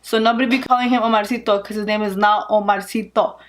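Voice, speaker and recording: A woman's voice: medium pitch, fairly even intonation, fast. A young woman vlogger, heavily pregnant, giving a rambling, candid and chatty update with frequent laughs. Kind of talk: casual pregnancy update vlog.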